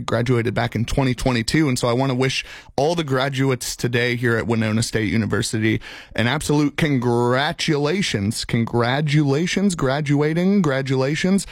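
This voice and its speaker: A man's voice: medium pitch, dry recording, studio quality. A man, filling in as a college radio host and chatting casually in an upbeat, rambling way. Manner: upbeat and rambling, with laughs and restarts. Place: radio studio.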